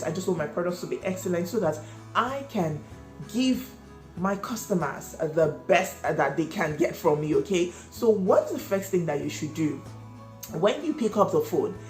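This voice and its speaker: A woman with a fairly low voice coaches small business owners, stressing and repeating her points. She sounds like she is in an echoey room, with faint music in the background. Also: a little mellow. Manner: emphatic, repeats key points, asks viewers questions. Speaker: cake business owner and channel host. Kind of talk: instructional vlog talk.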